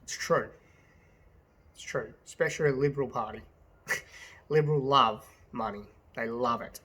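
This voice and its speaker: A man's voice: mid-range voice, moderate pace, pushed and bright, slightly rough. An Australian man, a business owner, ranting to his phone camera in a passionate, blunt way, swearing and repeating himself. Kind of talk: casual to-camera rant.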